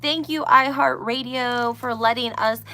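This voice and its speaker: Woman, live-stream gossip vlogger, casual chat, gravelly edge, bright tone, keeps asking "right?". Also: fairly high pitch, steady tone, a little slow. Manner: chatty, keeps checking in with "okay?" and "right?".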